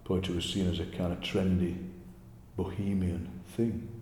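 A man with a Yorkshire accent, a poet telling stories in a lively, chatty interview. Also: low voice, normal speed. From Yorkshire, England. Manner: chatty, animated storyteller, often laughing. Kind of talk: conversational interview. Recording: echoey room with long reverb.

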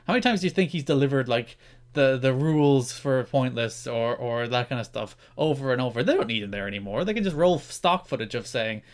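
A man's voice: medium pitch, fairly quick. A man co-hosting a casual pop-culture chat, joking around and laughing often. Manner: animated and jokey, laughs often. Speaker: podcast co-host.

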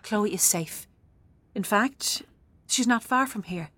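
A calm, reassuring support worker, with a mid-pitched voice and a gentle, steady delivery. The recording is dry and close. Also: female voice, takes it slowly, slightly rough, dry recording. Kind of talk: film drama acting.

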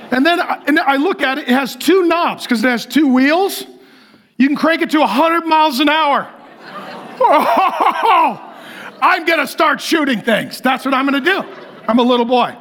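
A pastor delivering a humorous sermon, telling stories in an animated way and often laughing as he talks. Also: very high-pitched.

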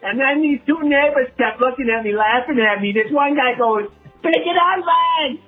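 A squeaky, overexcited caller who walks a pet pig, put on by a man. The voice sits very high and gushes with exclamations. It comes through as a thin, tinny phone voicemail. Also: normal speed, faint music behind. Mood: excited. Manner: shrill, excitable, exclaiming.

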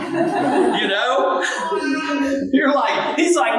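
A man preaching a sermon in a high, lively voice, breaking into shouts and laughing asides. He is heard from a distance in a very echoey hall. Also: slow, pauses often. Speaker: pastor.

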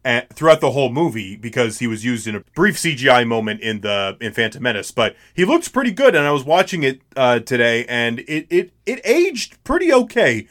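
A man's voice: mid-range voice, sing-song, brisk, few pauses, fairly bright tone. A young man co-hosting a podcast, chatting casually and laughing often. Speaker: podcast co-host. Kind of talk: casual chat.

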